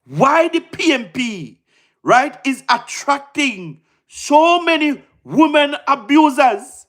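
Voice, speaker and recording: A Jamaican man with a very high voice, doing casual livestream commentary. He talks in an excitable rush, repeating words and firing rhetorical questions at his viewers. He laughs often between points. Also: a little slow.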